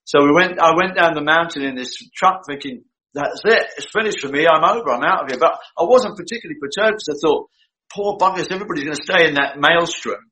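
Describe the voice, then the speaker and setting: A man's voice: on the high side, fast talker, rough recording. A man telling anecdotes as an interview guest, acting out the dialogue as he goes. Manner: animated, acts out quoted dialogue. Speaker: guest recalling a film shoot. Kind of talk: anecdotal storytelling.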